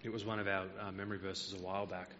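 This preacher's voice is fairly low, level and forceful as he teaches from the Bible, explaining every verse with care and occasionally pausing on fillers. The bright, slightly muffled lo-fi sound has a long trailing reverb and a faint layer of noise.

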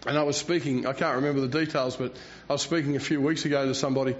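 A man's voice: mid-range voice, steady tone, racing. A man, preaching a rambling, self-mocking sermon and chuckling between phrases. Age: 60s. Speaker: pastor. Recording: dull lo-fi recording.

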